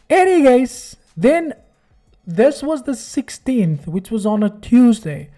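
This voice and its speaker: A man's voice: very high-pitched, big pitch swings, slow, dark tone, faint music behind. A man hosting a trading video, giving sarcastic, mocking commentary and acting out other people's voices. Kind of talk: screen-recorded commentary.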